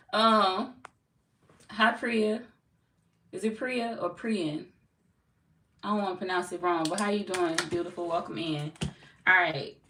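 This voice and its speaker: Her voice is lowish, pushed and bright, with fairly even intonation; she talks a little slowly and pauses often. A local-accented tarot reader from St. Louis in the US Midwest, she chats bluntly and casually with her live chat, cursing and laughing frequently. It's recorded in an echoey room on a distant mic with faint noise.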